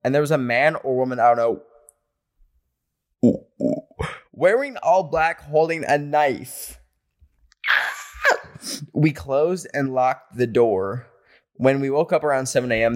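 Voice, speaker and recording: Male podcast host, playful and animated, reads listener stories with quick reactions, mid-pitched voice. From rural area. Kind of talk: casual podcast chat.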